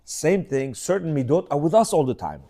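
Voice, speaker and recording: Middle-aged male host, higher voice, lively and animated, rambling storyteller who acts out quotes. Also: normal speed. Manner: animated, rambling, frequent restarts and acted quotes. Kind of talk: casual storytelling commentary.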